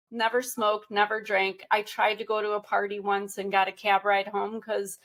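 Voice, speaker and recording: A woman's voice: medium pitch, level tone, moderate pace, few pauses, fairly bright tone. A woman guest on a podcast, telling her own story bluntly and candidly and swearing freely.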